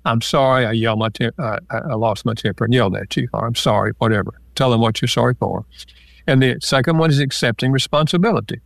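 A man's voice: medium pitch, fast talker, creaky, dry recording, clean studio sound. Older man explaining with example quotes. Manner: explains in numbered lists with acted-out example quotes. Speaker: author and marriage counselor guest. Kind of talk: relaxed interview answers.

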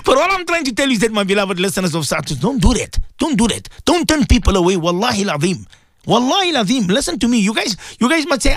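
A man who hosts a morning radio show as a Muslim cleric. He preaches emphatically to his listeners, repeating his points, and slows into drawn-out prayers. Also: sits high, big pitch swings, fairly bright tone, no room sound, studio quality. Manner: emphatic and repetitive, exhorting listeners.

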